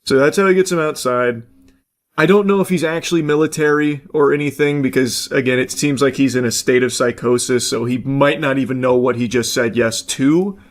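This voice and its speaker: A man's voice: mid-range voice, brisk. A man giving blunt, casual reaction commentary, talking loosely with plenty of fillers.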